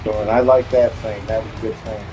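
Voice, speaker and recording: A man's voice: lowish voice, little pitch movement, fast talker, music in the background, rough recording. A man streaming a game, chatting casually in a rambling, joking way and chuckling often. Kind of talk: casual chat while gaming.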